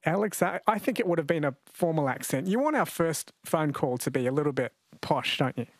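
A man's voice: on the high side, lively intonation, a little fast, no room sound. A man with an Australian accent hosting a radio quiz, chatty and jokey. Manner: chatty, jokey, laughs often. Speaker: radio host. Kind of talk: radio talk show hosting. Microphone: studio mic.

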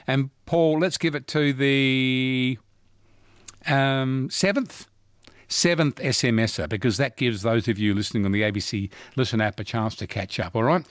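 An Australian man runs a radio quiz from the studio, chatty and quick to cheer his callers. His voice is medium in pitch, recorded close and dry. He leaps up in pitch when someone gets an answer right. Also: dry recording. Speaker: radio host. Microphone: studio microphone.

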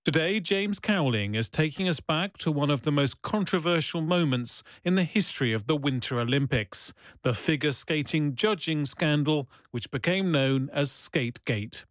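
Higher-voiced man in a dry announcer read. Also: animated, moderate pace, no echo. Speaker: radio announcer. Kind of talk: promo introduction.

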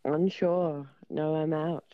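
Slow-talking woman caller on a dull line. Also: sits low, steady tone, dry recording. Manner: unhurried, casual answers. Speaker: caller quiz contestant.

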